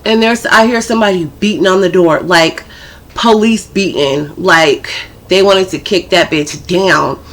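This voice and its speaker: A woman's voice: on the low side, a little slow. A woman vlogger casually telling a personal story, chatty and full of profanity. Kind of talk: storytime vlog.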